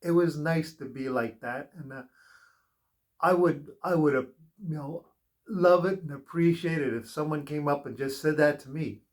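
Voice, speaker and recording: A man's voice: a little high, moderate pace. A man giving a spiritual tarot reading in an earnest, rambling, advice-giving way, drifting into personal stories. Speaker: tarot reader.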